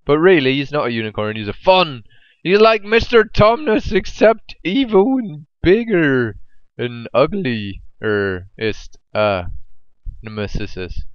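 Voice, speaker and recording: A young man casually commentating his own game, rambling and joking, sometimes slipping into brief squeaky silly voices. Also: clear, resonant tone, no room sound, lo-fi sound.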